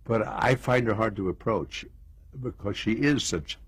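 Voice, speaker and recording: A man's voice: fairly low pitch, measured pace, breathy edge, no room sound. An older American man reminiscing in an interview, telling stories with chuckles and asides. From United States. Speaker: interview guest.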